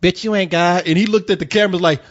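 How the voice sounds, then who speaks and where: A man with a high voice chats casually, telling stories with lots of energy. He keeps slipping into loud impressions of the people he quotes. The recording sounds dull and lo-fi. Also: quick pace. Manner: animated storyteller, jumps to high shouted impressions. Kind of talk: casual chat.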